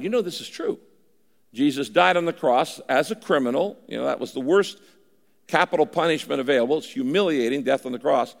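A man's voice: fairly high pitch, animated, brisk, vocal fry, big-room sound. An older man preaching a sermon in a conversational way, at times voicing imagined listeners. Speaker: pastor.

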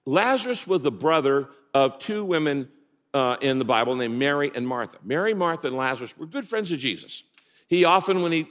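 Animated preaching man in echoing hall. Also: fairly high pitch. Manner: animated preaching, swinging from loud to hushed. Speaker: pastor. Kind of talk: sermon.

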